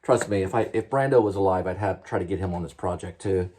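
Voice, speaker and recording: A man's voice: sits low, fast, warm tone, slight background noise. A man rambling casually in a vlog, trailing off and talking to his cat as he goes. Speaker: vlogger.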